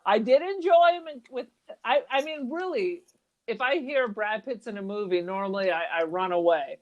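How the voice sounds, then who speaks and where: Expressive woman on a casual podcast. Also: on the high side, moderate pace, highs cut off. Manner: opinionated, blunt, joking. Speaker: podcast co-host. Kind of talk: casual chat.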